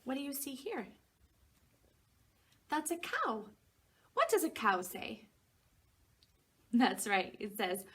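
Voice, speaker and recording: Reading a picture book at storytime, a preschool teacher uses a fairly high, unhurried, husky and animated voice. She gently questions the small children and gives them space to reply, raising her voice with more liveliness for the animal sounds.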